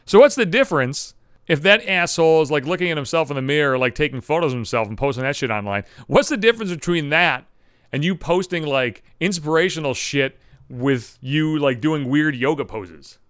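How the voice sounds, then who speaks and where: A man's voice: a little high, brisk, a bit bright, smooth, no room sound, studio quality. A man hosting a podcast, delivering a sarcastic, heavily profane comedic rant. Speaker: podcast host.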